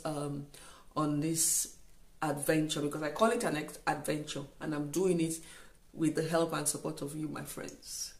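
A woman talking casually through a grocery haul for her vlog, unhurried and thinking aloud with frequent ums and restarts. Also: sits low, a little mellow. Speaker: vlogger. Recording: echoey room, voice a bit far from mic.

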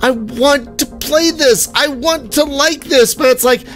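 A man's voice: very high voice, unhurried, hardly any pauses, fairly bright tone, soft background music. A sick, tired man swearing and ranting at the game he is playing in a casual commentary. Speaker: let's play gamer.

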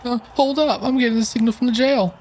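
Man doing a jumpy high-voiced young bandmate. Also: fairly even intonation, fairly quick, darkish tone, husky. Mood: jittery. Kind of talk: game dialogue read aloud.

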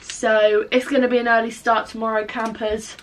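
A woman's voice: fairly high pitch, level tone, moderate pace, background noise. A young English woman vlogging in casual chat, self-mocking and swearing often, sometimes slipping into song. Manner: bursts into snatches of song. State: tired, low-voiced at night.

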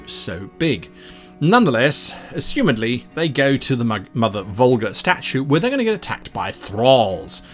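A man, a game master, explaining how he designed a tabletop adventure, rambling with many asides. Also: medium pitch.

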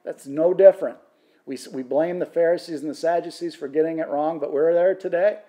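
A man's voice: fairly high pitch, steady tone, fairly quick, mellow. A man teaching through a Bible passage in sermon style, impassioned and rising to fervent emphasis, with frequent restarts.

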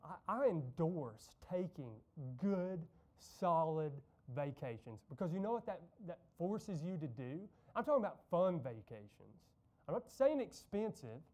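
Pastor guy preaching in church, chatty and folksy, warm mellow tone. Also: on the high side, big pitch swings, moderate pace. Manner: conversational preaching with anecdotes and asides. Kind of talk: sermon. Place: church sanctuary.

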